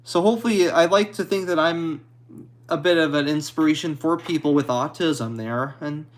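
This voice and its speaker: A man streaming and answering viewer comments in a halting, hesitant way, apologetic and a little anxious. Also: on the high side. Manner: halting, hesitant, with many restarts; apologetic and modest. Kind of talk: casual live chat.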